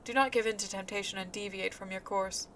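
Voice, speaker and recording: A woman reading out a smooth, ominous male inquisitor in her own plain voice. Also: medium pitch, steady tone, fairly bright tone, slight background noise, natural voice, poor audio. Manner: measured, cautioning, plain reading voice.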